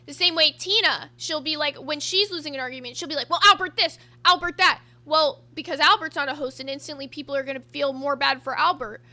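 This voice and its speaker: A woman's voice: high voice, fast, hardly any pauses, pushed and bright. A woman co-hosting a show, talking bluntly and profanely in a heated argument. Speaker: podcast co-host. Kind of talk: heated commentary chat.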